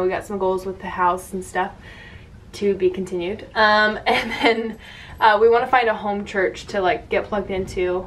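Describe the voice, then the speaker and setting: Chatty young woman vlogging at home. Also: mid-range voice. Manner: chatty, rambling, lots of "like" fillers. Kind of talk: casual chat.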